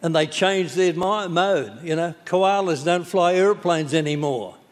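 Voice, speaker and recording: A man's voice: fairly high pitch, unhurried. Older Australian man, blunt anecdotal tribute, long hall echo. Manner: blunt, anecdotal, plain-spoken. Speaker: former minister giving a tribute. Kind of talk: awards tribute speech. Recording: stage speech in a reverberant hall.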